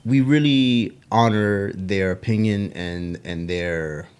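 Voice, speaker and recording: A man co-hosting a casual podcast chat, talking in halting bursts with restarts. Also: fairly low pitch, a little mellow, smooth. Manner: halting, restarts, laughs at own slips. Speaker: podcast co-host.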